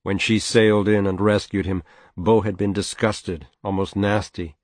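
A man narrating a novel as an audiobook in a measured, even storytelling manner. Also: on the low side, dry recording.

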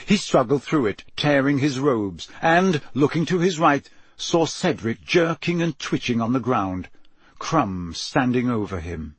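A man's voice: mid-range voice, sing-song, a little slow, breathy edge, dry recording. A man reading an audiobook aloud, with tense, dramatic storytelling. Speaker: narrator.

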